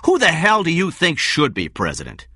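A man voicing a scheming, insistent male company director who pushes hard and angers quickly, in a read story. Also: fairly low pitch, wildly swooping pitch, a bit bright, no echo, studio quality, voice pushed up, exaggerated voice. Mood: pushy.

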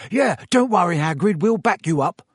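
A man's voice: high-pitched, lively intonation, moderate pace, slightly rough, no echo, studio quality, voice pushed up. A man voicing a worried, gloomy teenage schoolboy wizard.

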